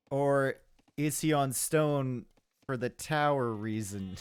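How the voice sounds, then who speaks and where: A man's voice: medium pitch, no room sound. A man with a Canadian accent giving upbeat, chatty live commentary on a strategy game match and answering his chat. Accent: Canadian English. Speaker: game caster.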